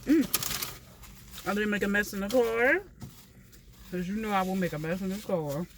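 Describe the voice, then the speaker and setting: A mukbang vlogger from Philadelphia with a southern drawl eats in her parked car at a park, chatting casually between bites in a slow, relaxed way. Her voice is mid-range, with a little hiss or hum.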